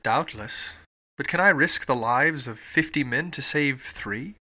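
A man's voice: medium pitch, measured pace, bright, forceful tone. A man reading an audiobook voices a stern, dutiful army captain with a firm delivery. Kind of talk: audiobook character voice.

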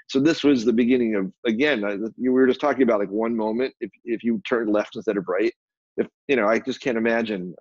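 On a dull, dry lo-fi recording, a man from the United States appears as a guest, a photographer and publisher telling candid, rambling stories. He voices the dialogue of people who spoke to him in a lowish, slightly mellow, somewhat rough voice.

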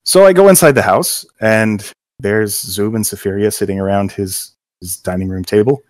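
A middle-aged man in casual chat, telling a story about his job with quick quoted voices. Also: on the low side, no room sound. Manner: animated anecdote with acted quotes. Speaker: game company co-worker telling his hiring story.

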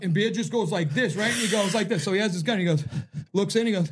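A man on a podcast telling a long, profane story with lots of laughing and "right?" checks, his voice slightly husky. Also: high voice, expressive, fast, slight background noise. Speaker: podcast co-host. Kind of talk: casual storytelling chat.

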